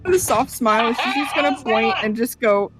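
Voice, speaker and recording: A woman's voice: on the high side, moderate pace, music in the background. A woman at a tabletop game making wry jokes about the other characters. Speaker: player. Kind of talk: casual tabletop play.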